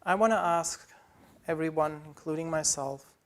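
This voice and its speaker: A man's voice: a little high, moderate pace, a bit bright. A man preaching a sermon as pastor, earnest and pleading, building through repeated phrases.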